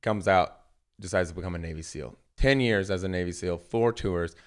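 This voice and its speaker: A man co-hosting a podcast in casual chat, animated and jokey, swearing freely as he tells stories. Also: deep voice, moderate pace. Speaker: podcast co-host.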